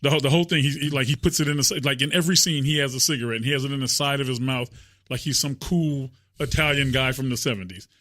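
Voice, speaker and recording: Man, podcast host, bright voice, stammers and repeats, dry close sound. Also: mid-range voice, fast, no echo. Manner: stammering, repeats words when excited. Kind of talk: casual chat.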